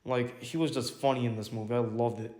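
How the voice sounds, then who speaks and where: A man's voice: mid-range voice, fairly even intonation, a little fast, a little mellow. A man casually reviewing a movie, rambling with lots of fillers, correcting himself, and swearing now and then. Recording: echoey room.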